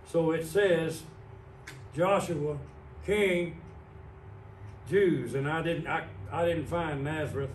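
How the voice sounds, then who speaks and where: This pastor's voice is a little high and steady, moving at a slow pace with frequent pauses as he explains on-screen words during an evening Bible-teaching sermon. The distant mic in the sanctuary captures roomy church acoustics and slight background noise.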